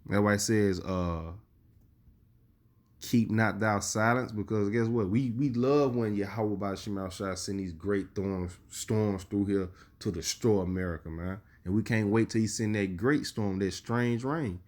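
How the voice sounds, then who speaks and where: A male preacher giving a sermon, reading scripture slowly and with emphasis, and often adding "you see". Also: on the low side, darkish tone.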